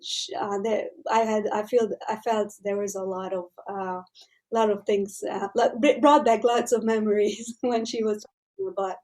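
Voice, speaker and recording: A woman's voice: medium pitch, steady tone, normal speed, a little mellow. Hungarian-accented woman, hesitant guest. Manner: hesitant, searching for words. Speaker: podcast guest. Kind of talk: casual conversation.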